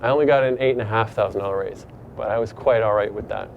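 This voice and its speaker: A man's voice: lowish voice, fast, creaky, highs cut off, slight background noise. A middle-aged man from Canada earnestly telling a personal story in a casual, reflective way.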